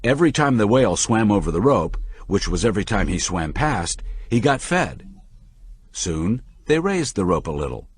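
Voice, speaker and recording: A man reading the part of a calm, patient manager who explains ideas to a younger man with lively emphasis. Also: fairly low pitch, normal speed, slightly rough, dry recording. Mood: patiently explaining. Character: calm middle-aged male manager, patient teacher.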